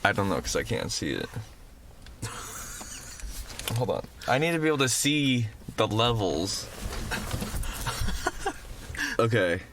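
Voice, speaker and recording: A man co-hosting a casual late-night podcast from a parked car, animated and loud, laughing often. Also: on the low side, slow, long pauses, background noise. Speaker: podcast co-host.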